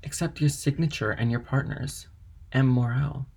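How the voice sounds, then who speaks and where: A man voicing a kindly, eager older male ship owner in an audiobook reading, with a gravelly tone. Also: mid-range voice, fairly even intonation, moderate pace, darkish tone.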